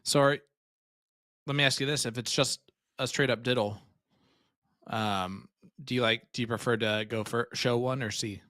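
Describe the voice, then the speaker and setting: A man's voice: mid-range voice, fairly even intonation, normal speed, long pauses, bright, forceful tone, dry recording, clean studio sound. A man co-commentating a live darts stream, joking and teasing his partner. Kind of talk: live sports commentary, casual banter.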